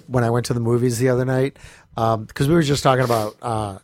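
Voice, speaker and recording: A man's voice: medium pitch, steady tone, fast talker, a little hiss or hum. A man telling a funny story in a casual chat, acting out the voices of people in it and often laughing.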